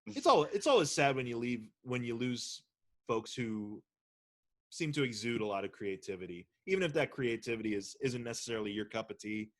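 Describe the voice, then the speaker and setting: A man co-hosting a casual podcast chat, measured and opinionated. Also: mid-range voice, expressive. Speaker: podcast co-host.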